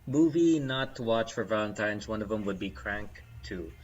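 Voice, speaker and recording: A man's voice: lowish voice, moderate pace, highs cut off. A young man co-hosting a podcast, casually telling a story with lots of laughter. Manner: animated storytelling with laughter and quoted voices. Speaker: podcast co-host. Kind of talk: casual chat.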